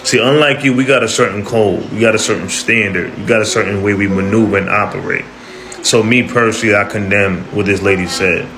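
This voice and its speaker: A man's voice: fairly low pitch, steady tone, brisk, background noise. A man giving pointed, sarcastic social media commentary. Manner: sarcastic, pointed, calling people out. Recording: loud music behind voice.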